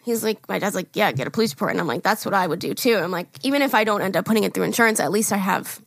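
A woman's voice: mid-range voice, expressive, racing, gravelly, no room sound. A young woman co-hosting a podcast, telling a story in casual chat, acting out quotes and laughing often. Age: young adult. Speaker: podcast co-host.

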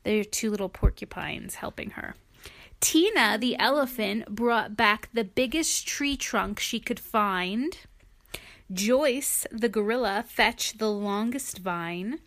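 A woman reading a picture book aloud to a child in a gentle, playful voice, pausing to explain and chat. She speaks slowly, with a slightly raised pitch. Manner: gentle, playful, with chatty asides. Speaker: reader to a child.

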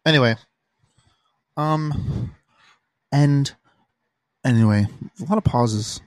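Young man, podcast host, exasperated swearing storyteller, slow unhurried delivery, dry close sound. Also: medium pitch, no room sound. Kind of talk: casual solo podcast rant. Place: room at home.

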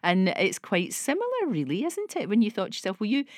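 A woman's voice: medium pitch, huge pitch swings, brisk, dry recording, studio quality. An older woman with a Glasgow accent, co-hosting an interview and prompting her guest encouragingly. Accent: Glaswegian. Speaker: podcast co-host. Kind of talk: conversational interview.

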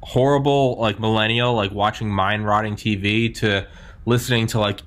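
A man's voice: lowish voice, fairly even intonation, moderate pace, fairly bright tone. A man in his thirties hosting a podcast, talking in a loose, rambling, chatty way full of "like" and "man". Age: 30s. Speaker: podcast host. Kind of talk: casual chat.

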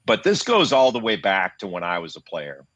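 Low-voiced man, measured and dry. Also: huge pitch swings, fairly bright tone, no room sound. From United States. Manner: measured, reasoned, frequent restarts. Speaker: guest, basketball analyst. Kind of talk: interview conversation. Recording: dull lo-fi dry sound.

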